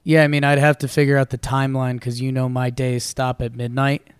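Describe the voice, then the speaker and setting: A man's voice: medium pitch, level tone, brisk, clean tone, dry recording. Man making dry offbeat quips. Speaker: podcast co-host. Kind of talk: casual chat.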